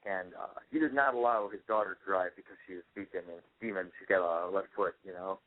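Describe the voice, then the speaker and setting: A young man with a lowish voice rambles through a casual interview, laughing often and leaning on fillers. He sounds thin and tinny, as if he is coming in over a phone line. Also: steady tone, fairly quick. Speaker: wrestler guest.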